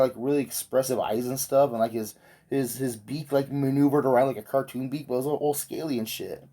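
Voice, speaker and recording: A man's voice: mid-range voice, darkish tone. A man vlogging while he sews, telling a meandering story in an offhand way and swearing casually.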